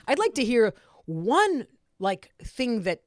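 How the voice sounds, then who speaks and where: A woman's voice: on the high side, takes it slowly, no echo, studio quality. A woman hosting a podcast, talking casually and with exasperation about politics, often restarting her sentences. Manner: animated, exasperated, many restarts. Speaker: podcast host. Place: comedy club.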